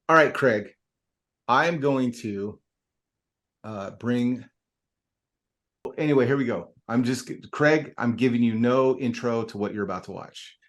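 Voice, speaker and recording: Rambling, animated man telling a story. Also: lowish voice. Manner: rambling, animated storyteller with lots of fillers and slang. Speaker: podcast host. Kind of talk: casual podcast chat, storytelling.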